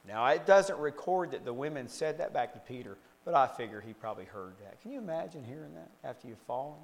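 Older male preacher telling stories animatedly. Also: a little fast. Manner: animated storytelling with rhetorical questions; acts out quotes with big pitch jumps. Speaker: pastor. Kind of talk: sermon.

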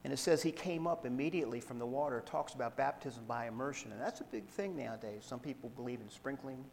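A man preaching a sermon, reading scripture aloud in a measured way and explaining it to the congregation. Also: mid-range voice, expressive, creaky, darkish tone, in a large hall, slight background noise, low-quality recording. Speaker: pastor.

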